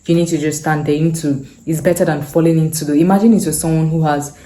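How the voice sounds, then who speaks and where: Mellow-voiced woman telling her story. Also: sits low, steady tone, fast. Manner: earnest, repeats herself for emphasis. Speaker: vlogger telling a personal story. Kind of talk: casual storytelling. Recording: echoey room.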